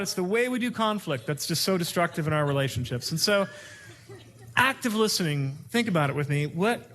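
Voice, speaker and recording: A man giving a teaching talk on communication skills, an animated storyteller who acts out dialogue. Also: fairly high pitch. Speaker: speaker teaching communication skills to youth workers.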